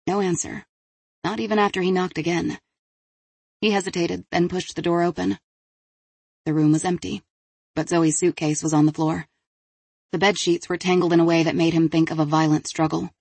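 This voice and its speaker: A woman reading an audiobook as narrator, with measured, even storytelling. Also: fairly low pitch, vocal fry, slightly rough, no room sound. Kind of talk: scripted narration.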